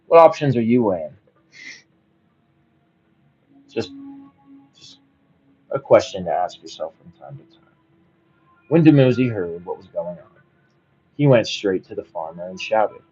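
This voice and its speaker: A man's voice: fairly low pitch, lively intonation, darkish tone, slightly rough, dull audio, soft background music. A man reading a bedtime story aloud, breaking off now and then to muse casually on it. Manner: reads slowly, breaks off into musing casual commentary.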